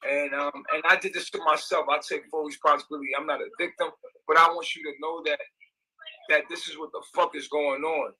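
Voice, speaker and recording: A man's voice: a little high, steady tone, a little fast, bright, forceful tone, low-quality recording. A young man, ranting in an agitated, repetitive, profane livestream monologue.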